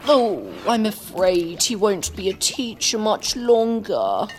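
A woman's voice: fairly high pitch, animated, measured pace, slight background noise, voice pushed up. A woman voicing a spoiled, scheming schoolboy who drawls and mocks. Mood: mocking. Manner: drawling, mocking.

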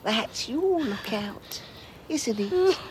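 A man's voice: very high-pitched, very animated, very slow, a loud crowd, pitched above the performer's own voice, exaggerated voice. A man reading a book aloud and voicing a spiteful old male school caretaker who sneers and gloats. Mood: gloating.

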